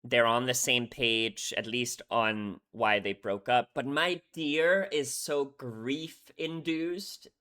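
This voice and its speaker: A man's voice: mid-range voice, steady tone, takes it slowly, hardly any pauses, bright, forceful tone, smooth. A young man talking through song lyrics in a casual reaction video, earnest and emotional, often checking in with "right?". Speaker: music reaction YouTuber.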